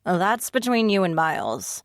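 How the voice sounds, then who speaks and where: A hard-nosed shifter pack leader who gives orders and swears freely, as a woman reads her. The voice sits a little low and is recorded dry and close, with no room sound. She speaks in a curt, commanding way. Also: sing-song, unhurried, no echo. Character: blunt, foul-mouthed adult woman shifter pack leader running a bar.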